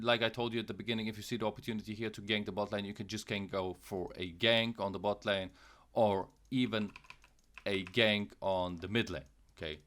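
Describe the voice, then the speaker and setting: Lower-voiced man coaching a game. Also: fairly bright tone. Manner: casual, repetitive, checks in with "okay" and "guys"; playful, makes mouth sound effects. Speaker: gaming channel host. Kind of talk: game tutorial commentary.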